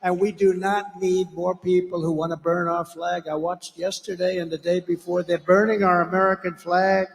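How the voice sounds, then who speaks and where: A man's voice: sits high, level tone, moderate pace, hardly any pauses. Blunt rambling man at a rally. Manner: blunt, rambling, name-calling, with asides to the crowd. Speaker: political candidate. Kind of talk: campaign rally speech. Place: large rally venue. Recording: echoey rally hall reverb.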